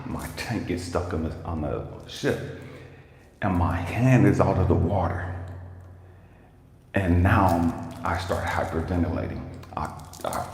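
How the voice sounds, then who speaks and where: A man's voice: sits low, lively intonation, unhurried, pauses often, darkish tone. A man, a life coach, telling a livestreamed motivational story in an emphatic, casual way, swearing freely and talking straight to his viewers. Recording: echoey room with long reverb and faint noise.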